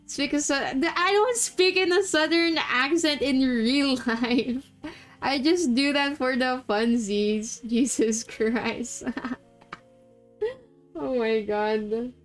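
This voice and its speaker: A woman's voice: high-pitched, takes it slowly, soft background music. A young woman from the Philippines streaming live, chatting casually and laughing often while setting up a game. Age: young adult. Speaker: VTuber streamer.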